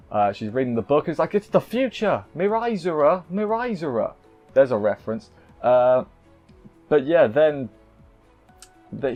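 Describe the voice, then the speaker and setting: A man's voice: medium pitch, a little mellow, dull audio. A man casually recapping an anime episode, rambling and cutting himself off with playful asides. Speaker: anime reviewer.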